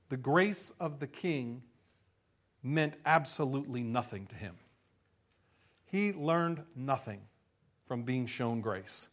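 A man's voice: mid-range voice, animated, takes it slowly, long pauses. A male pastor reading scripture and preaching in a conversational way with rhetorical asides. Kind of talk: sermon.

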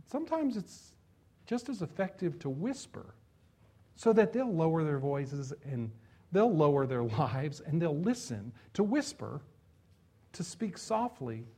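A pastor delivers a sermon in a conversational style, his fairly high voice swinging from loud emphasis to soft, hushed passages, sprinkled with chuckles and asides.

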